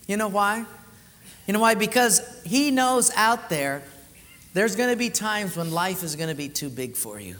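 Preaching in a church hall at a moderate pace, a male pastor whose voice runs a little high for a man spins animated stories. He shifts between loud bursts and soft, intimate lines as a long reverb lingers after his words.

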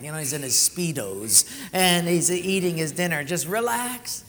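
Man, pastor, sermon, fairly high voice, animated storytelling, loud then hushed, long hall reverb. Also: normal speed, few pauses.

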